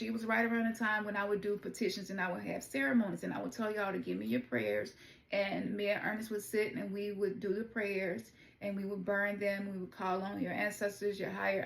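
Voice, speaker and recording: A woman's voice: medium pitch, creaky, roomy sound. A woman from Memphis with a Southern accent, giving a casual, chatty spiritual oracle card reading and talking straight to her viewers. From Memphis, Tennessee. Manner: chatty, informal, addresses viewers as y'all.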